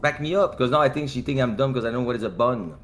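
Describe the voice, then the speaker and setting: Excitable man on a call. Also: medium pitch, fast talker, slight background noise. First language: French. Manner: excitable, teasing, swears often. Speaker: guest streamer on a call. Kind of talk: casual stream chat.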